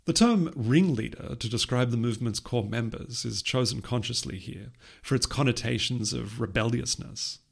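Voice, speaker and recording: Guy with a gravelly voice reading a scripted lesson, calm and measured. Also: medium pitch. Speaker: podcast host explaining linguistics history. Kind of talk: scripted educational narration.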